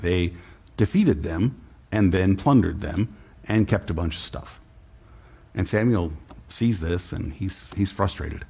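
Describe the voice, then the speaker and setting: Husky low-voiced man preaching conversationally. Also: darkish tone. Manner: conversational preaching with frequent restarts. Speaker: pastor. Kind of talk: sermon.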